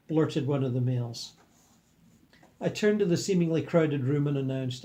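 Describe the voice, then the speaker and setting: Man reading aloud and commenting, mellow, calm and earnest; middle pitch. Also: moderate pace. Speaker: reader and commentator.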